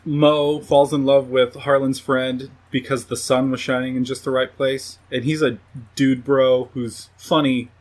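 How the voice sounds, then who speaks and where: A man recaps a movie for his review podcast, casual and profane, with a flat, unhurried, slightly mellow delivery. He occasionally mimics characters by going higher in pitch.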